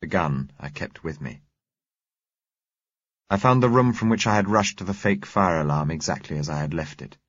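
Man, audiobook narrator, husky low voice, dry close sound, measured telling. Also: no room sound. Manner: measured, even storytelling. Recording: dull, muffled recording.

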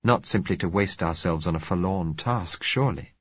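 A man with a very low, husky voice narrates an audiobook in a measured, reflective first-person reading. The sound is dry and close, with a dull, lo-fi quality. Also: a bit bright, no echo.

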